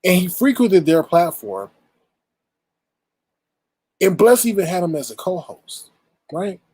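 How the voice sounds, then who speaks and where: Husky-voiced man ranting bluntly. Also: sits high, sing-song, takes it slowly, warm tone, dry recording, low-quality recording. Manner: blunt, exasperated, rhetorical, profane. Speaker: commentary channel host. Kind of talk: casual ranting commentary.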